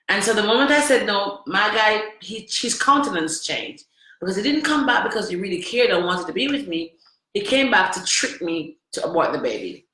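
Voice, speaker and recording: A woman's voice: medium pitch, sing-song, brisk, a bit bright. Woman telling a candid story, echoey room. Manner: emphatic, repeats phrases, asks the listener questions. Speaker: vlogger.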